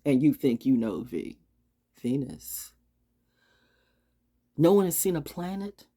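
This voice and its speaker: A husky woman with a low voice delivers a blunt, profane vlog rant. Her pitch swings widely between low asides and high, forceful bursts. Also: very animated, slow pace. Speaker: astrology vlogger. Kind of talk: unscripted monologue. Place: outdoors. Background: birds.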